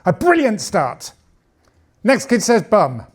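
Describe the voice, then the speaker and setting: A man in his late fifties does a bawdy, conversational stand-up set on a club stage, holding a handheld mic. His voice is high and husky with huge pitch swings, and he speaks slowly with a punchy delivery.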